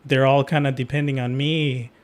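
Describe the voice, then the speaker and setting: A young man hosting a podcast, talking in a relaxed, reflective way with lots of fillers. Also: medium pitch, moderate pace. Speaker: podcast host. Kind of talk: casual chat.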